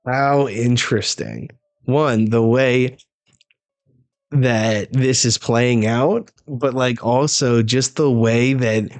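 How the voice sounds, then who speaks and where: A man hosting a live comic reaction, reading dialogue aloud and cursing casually. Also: medium pitch. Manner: casual, swears freely. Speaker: manga reaction host.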